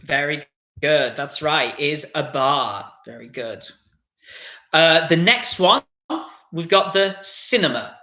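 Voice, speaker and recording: Bright, upbeat male English teacher. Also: fairly high pitch, animated. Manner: upbeat, encouraging, drawn-out model pronunciations. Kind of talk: online English lesson. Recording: echoey room sound.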